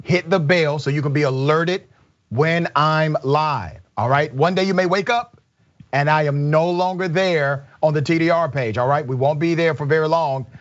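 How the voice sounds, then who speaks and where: A man hosting a live online talk show, reading viewer comments with energetic, emphatic, repetitive delivery. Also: fairly high pitch, moderate pace, lo-fi sound. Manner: energetic, emphatic, repeats himself. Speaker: show host.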